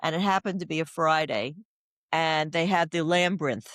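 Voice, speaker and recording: A woman's voice: low-pitched, normal speed, a bit bright, no room sound, clean studio sound. Older woman, rambling anecdotal storyteller. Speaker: oncology doula and guest. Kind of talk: casual podcast interview.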